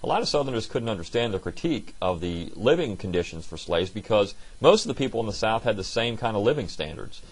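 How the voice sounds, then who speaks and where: Male instructor with a lowish voice, lecturing loosely with plenty of restarts. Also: very animated, fast, hardly any pauses, slightly rough. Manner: conversational, frequent "uh" fillers and restarts. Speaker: history instructor. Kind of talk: recorded college lecture.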